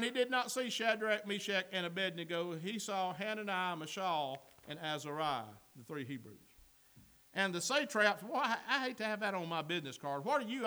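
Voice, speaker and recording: Preacher guy, really high voice, bright and sharp, shouts then jokes around. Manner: preaching with rising shouts and folksy asides. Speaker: pastor. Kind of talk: sermon.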